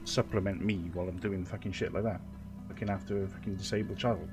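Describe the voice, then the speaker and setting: A man with a low voice, fast and aggrieved, lectures his stream audience with plenty of swearing. Faint music plays behind him. His tone stays annoyed and moralizing. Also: fairly even intonation, a little mellow. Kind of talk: angry live-stream rant.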